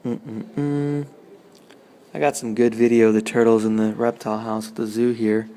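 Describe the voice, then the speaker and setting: A man touring a museum, chatting casually in a quiet, offhand way. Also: medium pitch, little pitch movement, moderate pace, a little hiss or hum. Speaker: travel vlogger. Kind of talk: casual museum walk-through commentary. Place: indoor museum hall.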